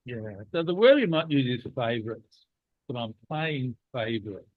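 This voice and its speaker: A man's voice: medium pitch, animated, normal speed, no echo. A man with a cold hosting a leadership discussion, chatty and playfully teasing. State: has a cold. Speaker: leadership program host. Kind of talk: casual podcast discussion. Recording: dry, tinny phone-like line.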